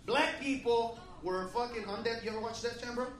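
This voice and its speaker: A man doing a brash, profane stand-up set, yelling punchlines at a live crowd in a comedy club. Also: extremely high pitch, brisk. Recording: echoey club audio from far off, crowd laughter.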